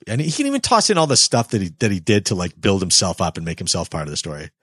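Husky, lively-voiced ranting podcast man. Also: low-pitched, fast, hardly any pauses, no echo, studio quality. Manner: animated, profane ranting with mocking impressions. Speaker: podcast co-host. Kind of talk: casual podcast banter.

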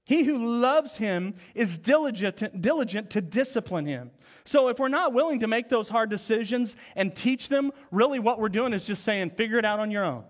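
A man in his forties preaching a sermon, telling stories and dropping to soft, low tones for emphasis. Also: lively intonation, moderate pace. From Oklahoma, US. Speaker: pastor.

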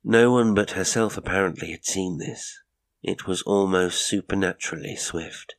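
A man narrating a ghost story in a measured way, often dropping to a hush. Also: sits low, dry recording. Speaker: audiobook narrator.

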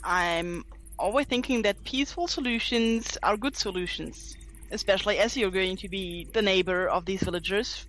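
A woman's voice: medium pitch, normal speed, a bit bright, soft background music. Earnest woman playing her character. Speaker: player. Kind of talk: playing a character in a tabletop game.

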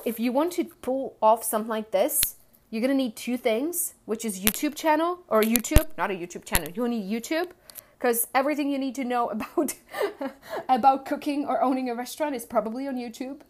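With a fairly high-pitched voice and a slight hiss or hum on the recording, a female coach and entrepreneur rambles frankly through a personal anecdote. She performs the lines spoken by herself and other people.

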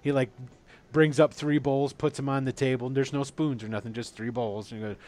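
A man narrating as game master and voicing the townsfolk, laughing often and dropping into low asides. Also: steady tone, a little fast, a little mellow. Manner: laughs often, drops to a mumble when describing.

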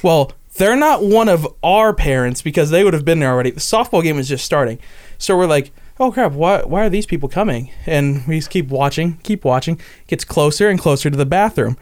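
Young guy on a podcast telling a story, does voices for his buddies, kinda high pitched, clean smooth voice. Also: fairly quick. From Las Vegas area. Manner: animated storyteller, acts out quoted friends. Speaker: podcast co-host. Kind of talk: casual storytelling chat.

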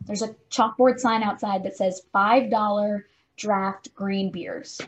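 A woman's voice: medium pitch, steady tone, takes it slowly, rough recording. Chatty young woman telling a story. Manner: chatty, fills speech with "like". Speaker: podcast co-host. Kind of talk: casual storytelling chat.

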